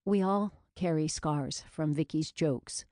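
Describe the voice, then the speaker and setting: A woman's voice: sits low, takes it slowly, dark tone, dry recording, clean studio sound. A woman voicing a playful young man who jokes in a mock-dramatic way in an audiobook. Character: young man, joking coworker, playful and theatrical.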